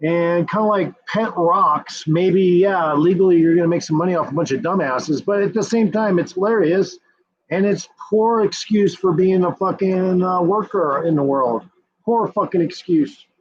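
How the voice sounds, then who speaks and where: A man giving a combative, profanity-laced ranting commentary with a husky voice, hammering the same points over and over. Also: sits high, moderate pace, lo-fi sound. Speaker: streamer.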